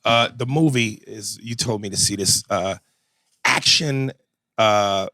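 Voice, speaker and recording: A man's voice: fairly low pitch, takes it slowly, pushed and bright, no echo. A man co-hosting a podcast in casual chat, blunt, profane and joking. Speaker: podcast co-host.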